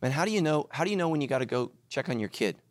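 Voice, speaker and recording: Animated middle-aged pastor preaching. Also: male voice, medium pitch, racing, no room sound. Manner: animated, acts out voices, jokes with the congregation. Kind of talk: sermon.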